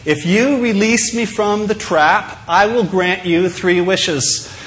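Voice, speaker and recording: Preacher voicing a wish-granting male frog from a pulpit joke, polite and fussy about the fine print, a bit high voice. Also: slow pace, fairly bright tone, low-quality recording. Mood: bargaining. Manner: polite, bargaining, explains each catch.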